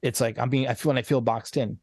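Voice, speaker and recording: Male coach guest: earnest, rambling, restarts often, mid-pitched, dry close-miked sound. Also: fairly even intonation, fast talker, darkish tone, breathy edge, no room sound. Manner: earnest, rambling, frequent restarts and repeated words. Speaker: podcast guest, transformation coach. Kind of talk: casual conversational interview.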